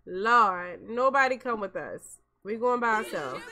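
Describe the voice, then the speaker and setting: A woman's voice: on the high side, big pitch swings, unhurried, hardly any pauses, pushed and bright. Chatty young woman. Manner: chatty, talks to viewers as "y'all". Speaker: gameplay commentator. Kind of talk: casual game commentary.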